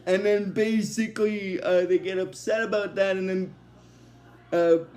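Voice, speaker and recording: Young guy with a high voice going over a cartoon episode, says basically a lot. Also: steady tone, a little slow, darkish tone. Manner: rambling, many fillers like "basically" and "uh". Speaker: episode recap host. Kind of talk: casual episode recap.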